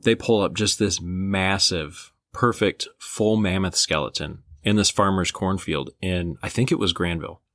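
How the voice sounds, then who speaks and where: Man, very low pitch, dry studio sound, casual podcast co-host, enthusiastic storyteller. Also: moderate pace, few pauses, fairly bright tone, no echo. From Michigan. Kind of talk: casual chat. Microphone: podcast microphone.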